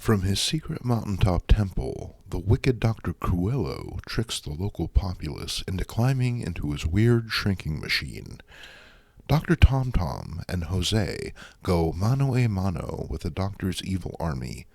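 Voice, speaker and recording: A man's voice: low-pitched, big pitch swings, measured pace, vocal fry, a little mellow, husky, no room sound. A man hosting a show, narrating comic book reviews with a wry, sarcastic manner. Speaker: host.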